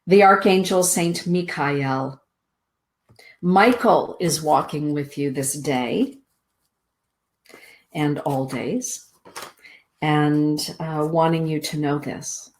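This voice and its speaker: A middle-aged woman hosting a spiritual show, reading oracle cards aloud in a soothing, deliberate way. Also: deep voice, fairly even intonation. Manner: slow, soothing, deliberate delivery with drawn-out words. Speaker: host giving oracle card readings.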